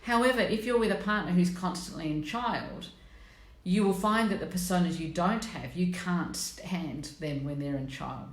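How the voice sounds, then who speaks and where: A middle-aged woman hosting a live stream, chatting bluntly and with self-mockery, greeting her viewers by name. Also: deep voice. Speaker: host of a personality coaching live stream. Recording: echoey room.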